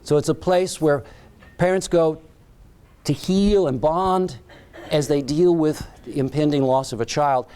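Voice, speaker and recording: A man's voice: on the high side, unhurried, dark tone, clean tone. A man giving a keynote speech, telling a story in short, dramatic phrases. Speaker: keynote speaker.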